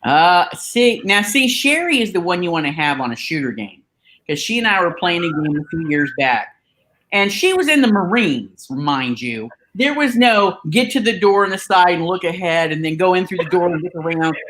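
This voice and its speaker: Woman co-host, bright and sharp, swinging pitch, loud exclamations, slight hiss. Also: moderate pace. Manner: animated, exclaiming, teasing. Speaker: podcast co-host. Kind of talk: casual chat.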